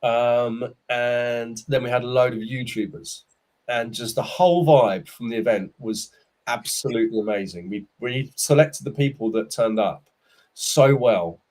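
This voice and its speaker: A man's voice: medium pitch, measured pace, darkish tone. A man in his forties, a company boss talking candidly as a podcast guest, telling stories in a chatty way with casual slang. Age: 40s. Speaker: startup CEO, podcast guest. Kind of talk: casual interview chat.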